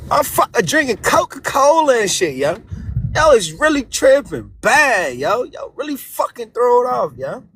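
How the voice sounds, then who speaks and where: A man with a Baltimore accent, a caller in a live online chat, ranting loudly and repeating himself with lots of profanity. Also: extremely high pitch, big pitch swings, normal speed, husky. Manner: loud, profane, repetitive ranting. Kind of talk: casual chat.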